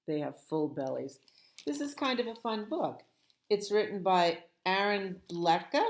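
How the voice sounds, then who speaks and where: Slow, expressive woman reading a storybook. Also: fairly low pitch. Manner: expressive, playful read-aloud with sound words. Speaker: children's librarian. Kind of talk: storytime picture-book read-aloud.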